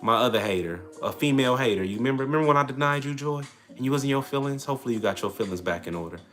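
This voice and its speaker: A man's voice: medium pitch, expressive, rapid-fire, fairly bright tone, soft background music. A young man, hosting a casual livestream and answering comments in a brash, slangy, trash-talking way. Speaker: livestream host.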